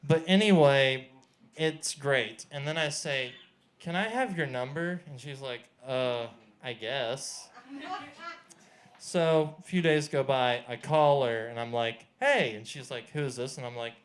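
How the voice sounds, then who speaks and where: A man doing a stand-up set at a small comedy show, telling a self-deprecating story in a deadpan way. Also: mid-range voice, unhurried.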